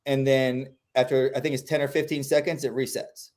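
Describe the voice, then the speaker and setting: A man who trains dogs, talking through training tips in a relaxed, animated way and acting out the quotes he gives. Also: medium pitch, brisk. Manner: animated, acts out quotes in voices. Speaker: dog trainer. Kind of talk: casual explanatory chat.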